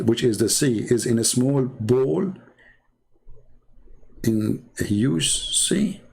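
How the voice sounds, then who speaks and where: Gravelly sarcastic man mocking. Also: medium pitch, darkish tone. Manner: non-native English grammar. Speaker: commentator. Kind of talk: mocking commentary while drawing on screen.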